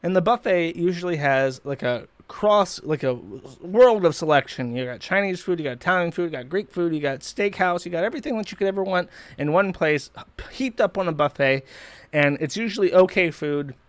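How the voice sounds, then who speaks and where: A man's voice: on the high side, expressive, normal speed, no room sound. A man hosting a live stream, ranting in a profane, mocking way. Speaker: streamer host.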